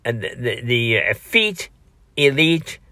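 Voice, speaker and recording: Man, political commentary, impassioned, repetitive lists, occasional fillers, bright tone. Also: medium pitch, big pitch swings, a little slow, no room sound. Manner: hesitant fillers and restarts.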